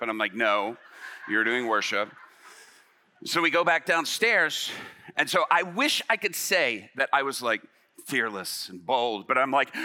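A man, a pastor, telling a story in a sermon, acting out the dialogue and rising to shouts. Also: mid-range voice, animated, fairly quick. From Illinois. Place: church stage.

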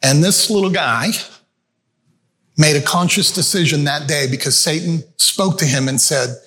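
This pastor's voice sits on the high side, bright and forceful, moving at a normal speed. He preaches conversationally, storytelling and addressing the audience as friends, in a church meeting room that has a screen.

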